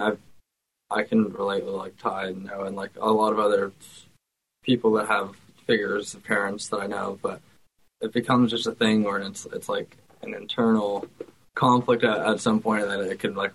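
A man's voice: on the low side, flat delivery, normal speed, slightly rough, poor audio. A man, a musician guest in an interview, talking casually with hesitations and frequent swearing.

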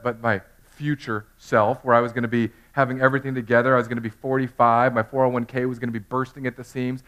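Male pastor, middle-aged, lively sermon delivery that moves between loud outbursts and hushed asides. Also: medium pitch. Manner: animated preaching, swings from loud outbursts to quiet intimate tones.

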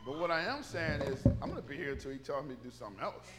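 At a church service, a male pastor with an expressive, mid-range voice talks very fast in a folksy sermon, bantering with the congregation, who answer with amens. He jokes and raises his voice during funny stories. The recording is very noisy.

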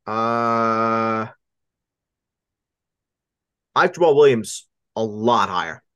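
A man's voice: medium pitch, sing-song, unhurried, long pauses, a bit bright, no echo, studio quality. A man co-hosting a casual fantasy football podcast, teasing his partner in a playful way. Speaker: podcast co-host.

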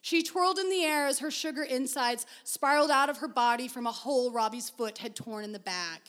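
A woman reading a first-person story aloud in a measured, expressive way. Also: high-pitched. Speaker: reader.

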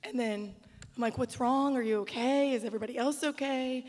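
A woman's voice: a little high, fairly even intonation, a little fast, darkish tone. A woman, a pastor's wife, telling a story conversationally as she chimes in beside her husband. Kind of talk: casual storytelling on stage. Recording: reverberant hall.

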